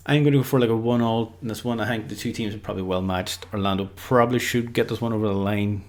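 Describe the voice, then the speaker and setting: A fast-talking man from Ireland, lowish and steady in tone and a little mellow, predicts football results without a script. He rambles freely, using plenty of filler words.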